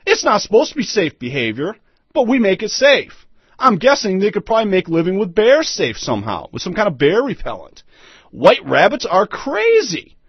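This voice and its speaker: A man's voice: sits high, wildly swooping pitch, moderate pace, slightly rough, dry recording. A man hosting a solo talk monologue, emphatic and repeating his rhetorical questions. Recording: dull, lo-fi dry sound.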